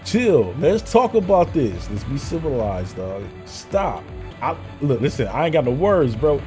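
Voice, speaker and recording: A young man streaming a video game, loudly and excitedly talking back to the characters on screen in casual, swearing slang. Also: mid-range voice, unhurried, faint music behind. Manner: loud, animated, talks to game characters. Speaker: gameplay streamer. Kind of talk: excited gameplay commentary.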